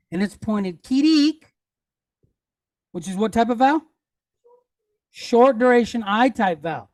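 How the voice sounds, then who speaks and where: A man teaching a Hebrew reading lesson, patiently spelling out letters and vowels and repeating each word slowly. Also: sits high, darkish tone, no echo, clean studio sound. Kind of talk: classroom teaching.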